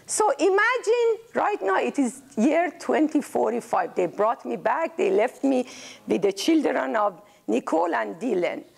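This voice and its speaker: An older woman giving an informal lecture, animated and emphatic, repeating words for stress. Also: sits high, measured pace, gravelly, slightly rough.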